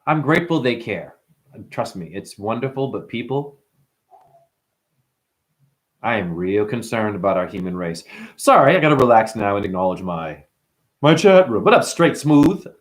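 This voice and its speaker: Animated, profane man ranting on a livestream. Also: normal speed, pauses often. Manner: profane, animated, mimics customers in high voices. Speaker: livestream host. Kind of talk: rambling livestream rant.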